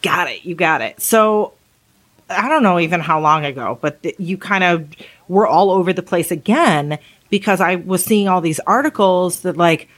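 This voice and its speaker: A woman's voice: fairly low pitch, moderate pace, fairly bright tone. A woman hosting a podcast, asking questions in a playful, casual way. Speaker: podcast host. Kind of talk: casual interview chat.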